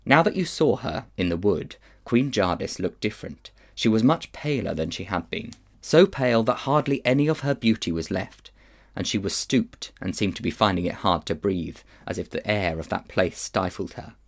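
A man reading a children's novel aloud in an expressive storytelling manner. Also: fairly low pitch, normal speed. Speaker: children's book reader.

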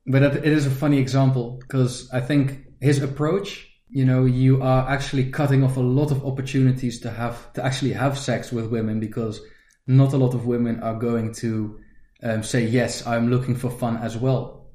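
A guest in a casual chat, giving calm, reflective opinions on dating. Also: medium pitch, moderate pace, echoey room. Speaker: podcast guest.

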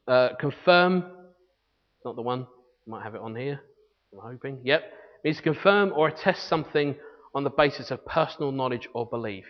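Male pastor, mid-pitched, earnest sermon delivery, lo-fi recording with a long reverb tail. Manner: earnest teaching, reads scripture aloud, frequent restarts. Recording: long hall reverb, dull lo-fi sound.

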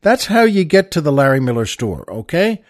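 A man's voice: on the high side, big pitch swings, normal speed. A man hosting a podcast, telling jokes in a rambling, chuckling way with many restarts and fillers. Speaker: podcast host. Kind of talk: casual joke telling.

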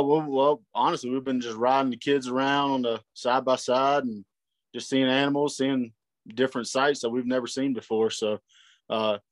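A man's voice: medium pitch, no room sound. A man talking as a guest in an easygoing, laid-back way. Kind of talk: casual chat.

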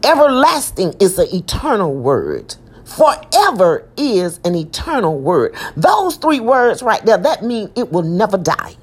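A woman's voice: medium pitch, big pitch swings, a little slow, husky. A woman preaching an impassioned sermon, emphatic and repeating her lines with asides to the listeners.

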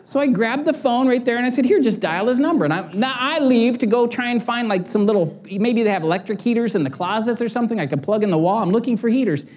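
Speaking very fast in a very high voice and barely pausing, a middle-aged man delivers a sermon as a pastor. His story is animated, with quoted lines performed and bursts of laughter at his own expense.

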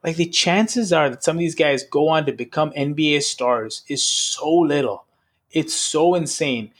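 A man's voice: fairly high pitch, unhurried, breathy edge. A man co-hosting a sports podcast, chatting casually and rambling, with lots of "like" and "right?". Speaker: podcast co-host.

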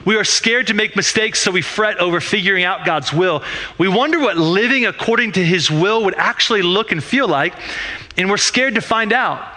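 A pastor delivers a sermon in a loose, conversational style. He uses rhetorical questions and often restarts his sentences. His voice sits high and rings very bright. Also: moderate pace.

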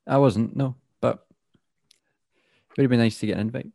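A man's voice: medium pitch, moderate pace, gravelly, dark tone, no room sound, studio quality. A Scottish man co-hosting a podcast over a video call, chatting casually and joking around. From Scotland. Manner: joking, puts on voices. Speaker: podcast co-host. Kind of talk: casual chat. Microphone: remote video call.

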